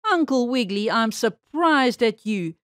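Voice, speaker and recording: A woman voicing a prim, proper lady mouse schoolteacher who squeaks her words in a storybook read-aloud. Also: lively intonation, unhurried, fairly bright tone, no echo, clean studio sound.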